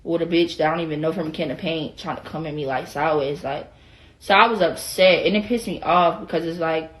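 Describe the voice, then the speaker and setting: On a rough recording, a young woman, a social media personality, tells a heated, profane, rambling storytime on a livestream, repeatedly stopping to ask "you know what I'm saying?" Her voice is low and fairly bright, and she talks a little fast.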